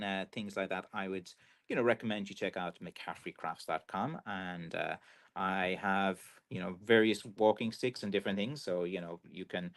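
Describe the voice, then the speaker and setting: A man with a Kerry Irish accent hosting a live stream, chatting casually and reading out viewer comments with rambling restarts and lots of fillers. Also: medium pitch. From Ireland.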